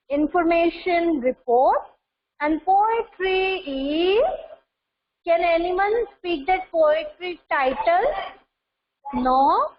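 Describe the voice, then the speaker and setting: High-voiced woman teaching slowly. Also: dull audio. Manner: slow, repeats words for pronunciation drills. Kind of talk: online English class for children.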